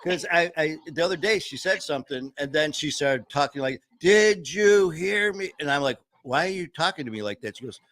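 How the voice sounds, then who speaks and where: A man's voice: on the high side, quick pace, few pauses, bright, forceful tone, dry recording. Rambling man hosting a chat show. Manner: rambling, with many fillers and restarts. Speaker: host. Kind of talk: casual chat.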